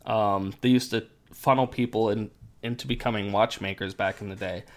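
A man hosting a casual podcast chat, explaining things in a relaxed way with many fillers while his voice is going hoarse. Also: lowish voice, moderate pace. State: losing his voice. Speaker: podcast host.

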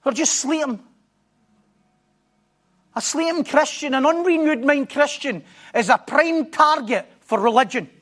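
A man preaching a sermon, telling a story with animated repetition and stumbling restarts. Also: very high-pitched, measured pace, pauses often.

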